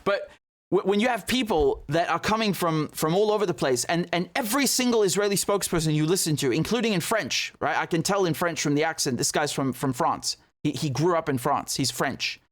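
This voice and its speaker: A man reacting to news clips with indignant, sarcastic commentary. His voice sits a little high for a man. He talks in bursts of outrage. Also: a little fast, fairly bright tone. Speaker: political commentator.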